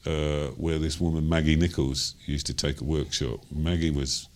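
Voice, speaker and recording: Here an older London man speaks in a very deep voice at normal speed, with little pitch movement and a Cockney accent. He's a jazz singer recounting his life in a rambling interview, chuckling and filling his talk with ums and you-knows.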